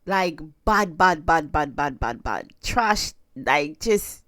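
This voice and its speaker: A woman's voice: low voice, takes it slowly, dry recording, studio quality. An American woman co-hosting a podcast, chatting casually and telling stories with lots of laughter. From United States. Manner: animated storytelling, laughs often. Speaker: podcast co-host. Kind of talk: casual chat.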